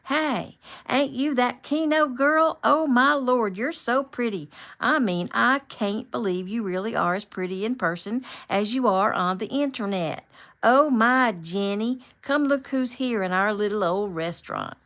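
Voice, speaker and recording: A woman's voice: fairly high pitch, unhurried, a bit bright, voice pushed up. A woman voicing an overly sweet, gushing waitress in an exaggerated Southern accent, drawling and syrupy, for an audiobook.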